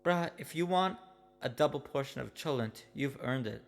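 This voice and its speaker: A man's voice: mid-range voice, animated, moderate pace, vocal fry, big-room sound, faint music behind. A man voicing an emotional young male buddy who talks in slang, earnest and full of "bro" and "yo.". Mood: generous.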